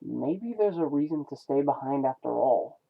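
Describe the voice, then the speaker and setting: A man reading a comic aloud, voicing a weary male robot warrior who reflects on his lost home in a slow, solemn way. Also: mid-range voice, lively intonation, vocal fry. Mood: pensive. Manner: solemn, slow, stumbling over names. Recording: tinny phone-like lo-fi sound.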